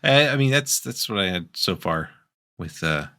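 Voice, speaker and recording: A man's voice: low voice, lively intonation, moderate pace, pushed and bright. A man on a podcast as a guest, chatting casually, rambling and laughing often. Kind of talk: casual chat.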